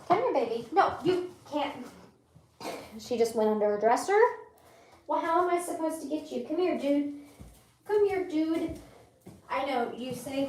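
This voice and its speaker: A woman's voice: high voice, animated, a little slow, long pauses, a little mellow. A woman hosting a casual late-night live stream, chatting to viewers and cooing to her pet rabbits. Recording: roomy room with faint noise.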